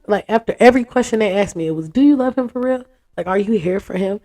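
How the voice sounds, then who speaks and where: A woman, telling a story in a casual interview, frank and animated, acting out what others said. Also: medium pitch, a little fast, few pauses. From United States. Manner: animated, acts out quotes, frank and profane.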